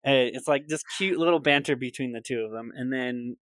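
A man recorded close and dry on a podcast mic, voice sitting at an ordinary pitch for a man. He retells a film scene with animated energy in a casual chat, slipping into quick voices for the quoted lines. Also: dry recording. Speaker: podcast co-host.

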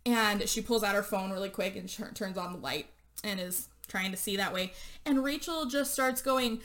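A woman hosting a podcast, casually recapping a horror movie and acting out the characters' lines in a chatty, animated way. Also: mid-range voice, normal speed. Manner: animated storyteller, acts out characters' lines, lots of "like". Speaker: podcast host.

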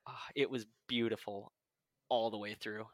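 A man's voice: fairly low pitch, steady tone, moderate pace, no room sound. A man co-hosting a casual fan discussion, enthusiastic, with hesitant restarts and self-deprecating asides. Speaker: podcast co-host.

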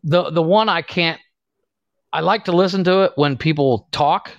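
A man's voice: a little high, normal speed, vocal fry, no room sound. A man with an Ohio accent, chatting casually on a podcast and laughing at his own stories. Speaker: podcast guest. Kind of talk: casual chat. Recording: dull, dry lo-fi sound.

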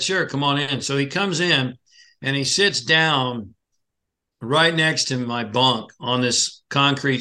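A man's voice: medium pitch, pushed and bright. A man being interviewed, telling a personal story vividly and acting out the dialogue, often restarting his sentences. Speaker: podcast guest.

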